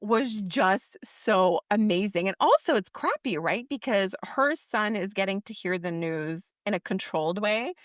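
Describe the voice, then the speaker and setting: A woman co-hosting a casual recap podcast, talking animatedly, laughing often and acting out quoted lines with big jumps in pitch. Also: animated, measured pace, hardly any pauses, no room sound, clean studio sound. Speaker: podcast co-host.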